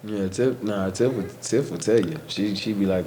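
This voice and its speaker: A man appearing as a recurring podcast guest, joking in a lively way. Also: normal speed, slight background noise. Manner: lively joking with wild pitch swings. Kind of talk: casual chat.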